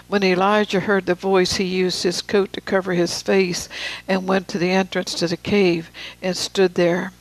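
A preacher giving a sermon, reading scripture with slow, deliberate emphasis and casual asides to the room. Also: mid-range voice, vocal fry, rough recording.

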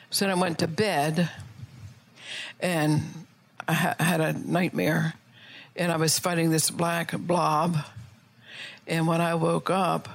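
A woman's voice: low voice, vocal fry. A middle-aged woman pastor preaching earnestly, asking her listeners rhetorical questions. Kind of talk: sermon.

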